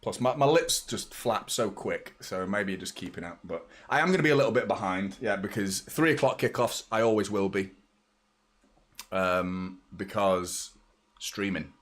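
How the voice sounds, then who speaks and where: A young man excitedly chatting through a live football watchalong, reacting to the match and greeting viewers by name. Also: on the low side, moderate pace.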